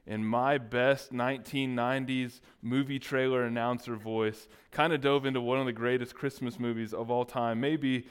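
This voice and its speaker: A man's voice: mid-range voice, flat delivery, normal speed, few pauses, smooth. A man preaching as a pastor, joking and teasing his congregation between points. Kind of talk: sermon with playful asides.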